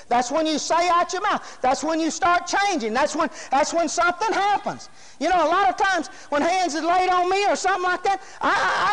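A man's voice: very high voice, a bit bright. A man preaching a sermon, folksy and emphatic, often throwing rhetorical questions to the congregation. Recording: long hall reverb.

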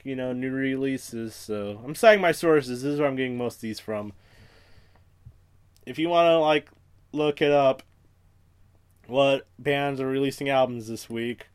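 A man's voice: mid-range voice, clear, resonant tone. A young man hosting a podcast alone, rambling through profane, self-mocking tangents in casual chat. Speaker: podcast host.

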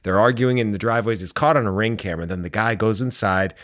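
A man co-hosting a podcast in casual chat, with a deadpan, darkly humorous manner. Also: lowish voice, fast talker. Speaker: podcast co-host.

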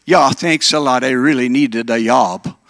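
A man's voice: medium pitch, unhurried, fairly bright tone, no room sound. A man voicing Ole, a simple Scandinavian-American job applicant, in a sing-song Scandinavian-American accent. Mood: deadpan.

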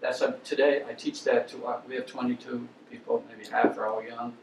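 A man's voice: medium pitch, level tone, a little fast, vocal fry, distant mic, background noise. An older man giving a guest lecture, telling blunt, opinionated stories from his career to an audience. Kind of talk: lecture with anecdotes. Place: lecture hall. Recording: echoey hall, speaker off-mic.

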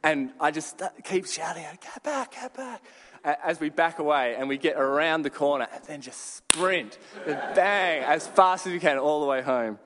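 A man preaching a sermon, telling a story with dramatic pauses and sudden shouted bursts. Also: on the high side, noisy background. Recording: long hall reverb.

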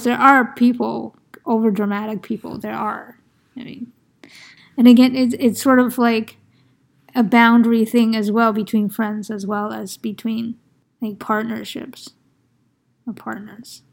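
A woman in casual conversation, speaking in a measured, reflective way with small restarts. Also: on the high side, flat delivery, gravelly. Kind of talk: casual chat.

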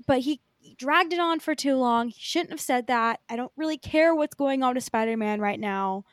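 A woman's voice: high voice, normal speed, no room sound, studio quality. A young woman co-hosting a podcast in casual chat, rambling with lots of fillers and casual swearing. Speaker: podcast co-host.

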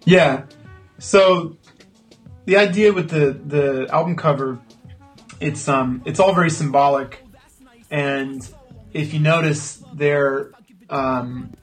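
American guy being interviewed, thinks out loud, lots of ums, quiet music behind. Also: fairly high pitch, slow, long pauses. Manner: hesitant, thoughtful, many fillers. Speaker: guest musician. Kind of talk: casual interview chat.

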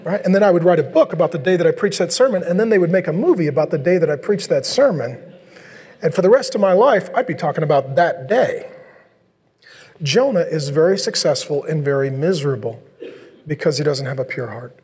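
A man preaching a sermon as a pastor, animated and joking, acting out biblical dialogue in playful voices. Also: fairly high pitch, fairly quick, husky. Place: large church hall. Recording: long hall reverb.

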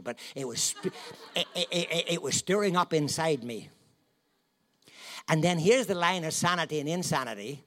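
Man, preacher, storytelling sermon, slightly high voice, humorous, laughs a lot. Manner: animated, humorous, laughs often, swings from hushed to loud. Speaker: guest preacher.

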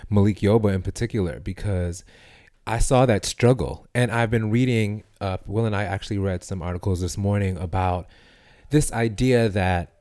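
Podcast co-host, man, earnest explainer, low dark voice. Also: moderate pace, no room sound, clean studio sound. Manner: earnest, explanatory, builds long arguments. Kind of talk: casual discussion.

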